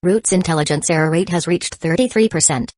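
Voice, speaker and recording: Scornful young ninja guy, cold and sharp-tongued, low-voiced woman reading. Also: fairly quick, no echo, lightly acted. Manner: cold and cutting.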